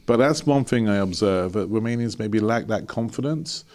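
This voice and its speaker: A middle-aged man from London, speaking as an honorary consul in a casual interview, jovial and animated, laughing often. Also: lowish voice, normal speed. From England.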